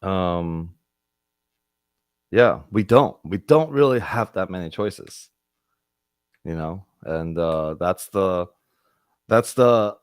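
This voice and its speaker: Earnest low-voiced man leading spiritual talk. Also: no room sound, clean studio sound. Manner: earnest, repetitive, searching phrasing. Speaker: host of a spiritual discussion group. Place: online group video call.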